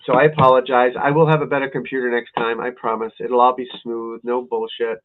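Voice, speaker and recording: A man's voice: medium pitch, level tone, brisk. A man hosting a casual livestream as a golf instructor, muttering, cursing and grumbling at himself. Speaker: golf instructor and show host. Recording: tinny phone-like lo-fi stream audio.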